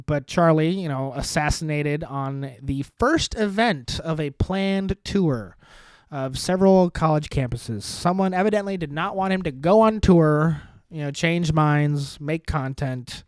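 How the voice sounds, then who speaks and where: A man hosting a podcast, rambling through sardonic dark jokes in a casual monologue. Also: a little high, unhurried, clean tone, no echo. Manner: sardonic, dark deadpan humor with rambling asides. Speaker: podcast host.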